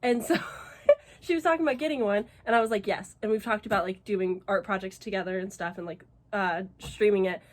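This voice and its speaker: A woman's voice: medium pitch, brisk. A woman chatting casually to camera at home as a reading vlogger, gushing and exclamatory, swearing freely. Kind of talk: casual vlog chat to camera.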